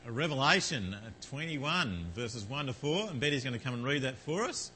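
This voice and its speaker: A man's voice: mid-range voice, very animated, normal speed, hardly any pauses, pushed and bright, slight background noise, rough recording. A man preaching a sermon and leading a prayer in church, chatty and full of rhetorical questions to the congregation.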